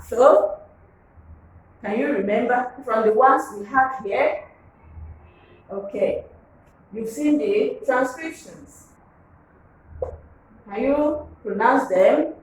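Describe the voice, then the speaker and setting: A woman teaching a phonics lesson, drilling words slowly and asking the class to repeat them. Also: fairly high pitch, slight background noise. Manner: slow, drilling, repeats words and asks to pronounce. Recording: echoey room, voice from far off.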